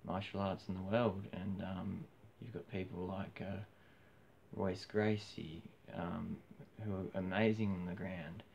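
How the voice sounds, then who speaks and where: A hoarse man with an Australian accent, his very low voice full of gravelly fry. He rambles through a casual monologue, restarting his sentences and filling pauses. The recording is dull and lo-fi, with a faint hiss in the background. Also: fairly even intonation, darkish tone. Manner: rambling, frequent restarts and fillers. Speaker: vlogger.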